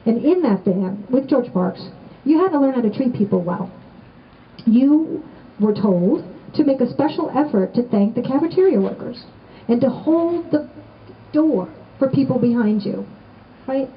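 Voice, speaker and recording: A middle-aged woman giving a heartfelt remembrance speech to a gathered audience, storytelling with gentle humor. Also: a little high, expressive, a little slow, highs cut off. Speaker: assistant band director giving a remembrance talk. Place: indoors on the steps of a renovated old building.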